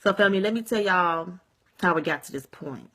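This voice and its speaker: Bright-voiced woman ranting on a home vlog. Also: on the low side, brisk. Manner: rambling and repetitive, keeps saying "you see what I'm saying", swears freely. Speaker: vlogger. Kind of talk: casual vlog rant. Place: at home at day's end, sage and candles burning.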